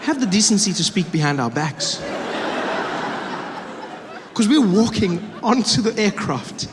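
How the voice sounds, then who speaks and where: A South African man in his thirties telling stories in a stand-up comedy set, shifting quickly between voices. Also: high voice, very animated, a crowd in the background, noisy background. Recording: live hall reverb, faint ambience.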